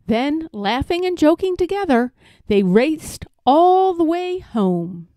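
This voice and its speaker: A woman reading a children's picture book aloud in a gentle, expressive way. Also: high voice, slow pace, no echo, studio quality. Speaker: storybook reader.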